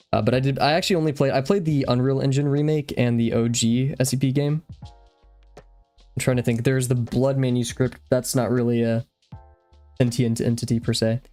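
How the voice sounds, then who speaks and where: A man's voice: mid-range voice, fairly even intonation, normal speed, long pauses, dark tone. Young adult male streamer, out of breath, rambly and distractible, casual chat over faint background music. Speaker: drawing live-streamer.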